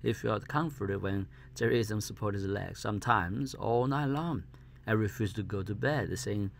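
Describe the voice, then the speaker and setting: Gravelly, halting male reader. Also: lowish voice, slight background noise. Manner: halting, stumbles over words. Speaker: audiobook reader. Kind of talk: reading a classic novel aloud.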